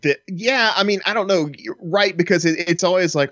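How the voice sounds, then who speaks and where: A man co-hosting a TV fan podcast in casual chat, expressive and jokey, slowing down to reason things through. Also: high-pitched, dry recording. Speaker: podcast co-host. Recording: slightly dull lo-fi sound.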